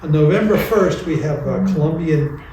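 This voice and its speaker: A man with a fairly high voice hosts in a friendly, halting way, pausing on "uh" and repeating words. He is heard from far off in a church with heavy reverb. Clear room noise hangs behind him. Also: lively intonation, dark tone. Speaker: concert series host. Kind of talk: audience Q&A and announcements. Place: church concert hall.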